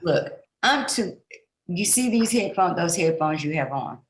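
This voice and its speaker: A woman's voice: fairly low pitch, animated, unhurried, roomy sound, low-quality recording. A woman hosting a podcast as a pastor, speaking in an earnest, chatty way and poking fun at herself in a casual interview.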